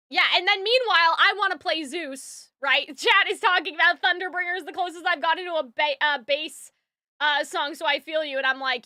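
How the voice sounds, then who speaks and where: A woman reacting live to a musical, talking in an excitable, rambling way and full of fillers. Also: very high voice, brisk, no echo, clean studio sound. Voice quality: alto singer. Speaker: reaction streamer.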